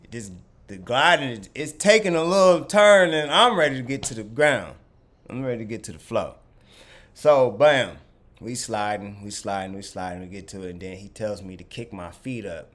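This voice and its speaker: A man telling a story in casual chat, animated, swearing and loudly acting out what others said. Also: mid-range voice, normal speed. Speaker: vlogger.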